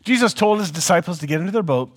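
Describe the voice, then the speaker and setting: A man's voice: high-pitched, fast talker. A man teaching a Bible lesson, reading the scripture aloud and breaking off for chatty, joking asides. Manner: animated, chatty, jokey storyteller.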